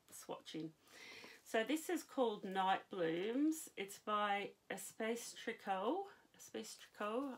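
A woman's voice: mid-range voice, creaky, a bit bright. A woman with a New Zealand accent hosting a knitting podcast, chatting casually to camera with many ums and restarts.

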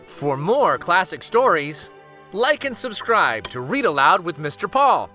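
A man hosting a children's read-aloud, narrating a picture book in an expressive storytelling manner. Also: high voice, unhurried, soft background music. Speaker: children's book reader, host.

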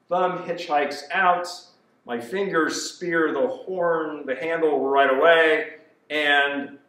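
A man's voice: fairly high pitch, a bit bright. Echoey, distant male fitness trainer. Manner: cueing movements step by step, slow and deliberate. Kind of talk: instructional exercise demonstration. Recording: echoey room, voice from far off.

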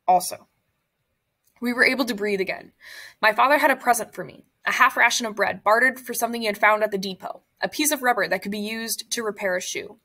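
A woman's voice: medium pitch, bright, forceful tone. Woman reading a somber memoir aloud. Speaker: reader.

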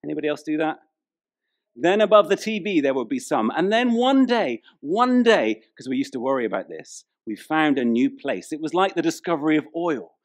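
A man's voice: fairly high pitch, animated, brisk. A man, preaching a humorous, chatty sermon in a church. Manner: humorous storytelling, chatty, playful with the congregation. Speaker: pastor.

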